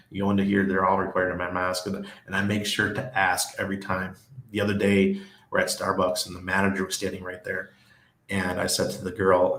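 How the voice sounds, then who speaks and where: Low-voiced guy chatting on his live stream, rambly, echoey room. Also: creaky, fairly bright tone. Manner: rambling, with frequent restarts and laughs. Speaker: livestream host. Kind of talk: casual live-stream chat reading viewer comments. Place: living in Panama.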